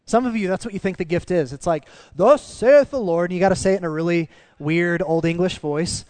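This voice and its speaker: A man preaching a sermon as pastor, animated and swinging down to quiet emphasis on key phrases. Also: sits high, fast talker, smooth, no room sound.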